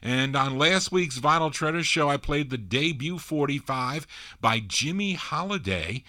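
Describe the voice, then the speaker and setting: A man hosting a vintage record show with a bright, forward voice. He chats easily between songs and answers listener questions. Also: on the high side, animated, unhurried. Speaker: radio DJ host. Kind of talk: oldies radio DJ patter.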